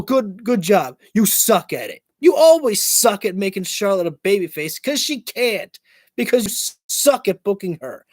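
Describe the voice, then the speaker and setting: High-voiced man ranting on a livestream. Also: no echo, studio quality. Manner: angry profane ranting. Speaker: livestream host reacting to wrestling. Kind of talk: live reaction commentary.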